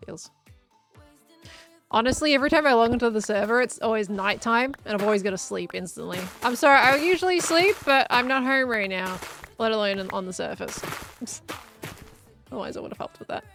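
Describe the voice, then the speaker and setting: A woman's voice: fairly high pitch, lively intonation, a little fast, fairly bright tone, soft background music. A young woman chatting casually while streaming a game, musing aloud and laughing often. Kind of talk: casual live-stream chat while gaming.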